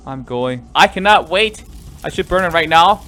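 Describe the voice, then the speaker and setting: A man commentating a horror game let's play, jumpy and easily startled, swinging between loud yelps and quiet muttering. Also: on the high side, animated, moderate pace. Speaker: gaming YouTuber.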